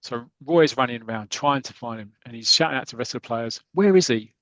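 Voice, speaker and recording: A man's voice: mid-range voice, fast, pushed and bright, no room sound, poor audio. Man rambling through a comic story. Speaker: podcast host. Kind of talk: casual retelling of a comic.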